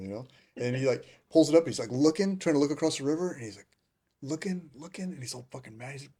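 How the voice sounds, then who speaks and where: A man, a Marine veteran, telling war stories in casual chat, animated and acting out the people he quotes. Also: mid-range voice, fast, husky. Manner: animated, laughing, acts out quotes.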